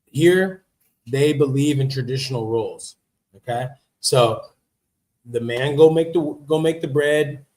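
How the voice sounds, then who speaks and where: A man in a casual livestream monologue with a mid-pitched voice. He talks in a chatty, emphatic way, restating his points and commenting on what he reads. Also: a little slow, darkish tone. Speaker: livestream host. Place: living in Vietnam.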